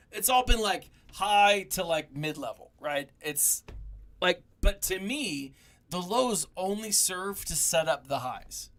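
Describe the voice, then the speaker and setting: A young man hosts a relaxed review chat in a bright, forceful voice that sits a touch high. He talks in an animated way, laughs often and leans on fillers as he thinks aloud. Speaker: podcast host.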